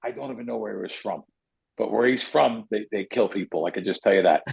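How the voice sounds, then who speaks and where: Gravelly, rambling male podcast host. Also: on the low side, quick pace, rough recording. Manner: rambling, self-correcting, animated. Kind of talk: casual storytelling.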